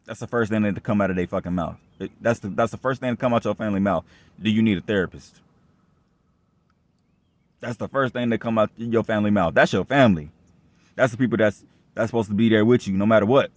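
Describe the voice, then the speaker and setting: A man's voice: fairly low pitch, fast, pauses often, dry recording. A young man telling his own story in a rambling, repetitive, profane rant, sounding aggrieved and distrustful. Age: young adult. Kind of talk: casual rant monologue.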